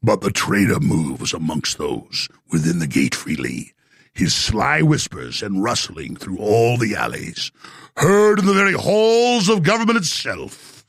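A man reciting in a slow, solemn voice as an ancient Roman orator. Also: on the low side, lively intonation, gravelly, breathy edge, dry recording, clean studio sound, pitched below the performer's own voice, exaggerated voice. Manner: slow, declamatory.

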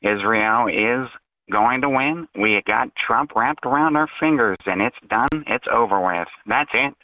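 A man's voice: medium pitch, a little slow, no room sound, lightly acted. A man calling in with a brash, cartoonish put-on voice, taunting and boasting. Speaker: caller. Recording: tinny phone line.

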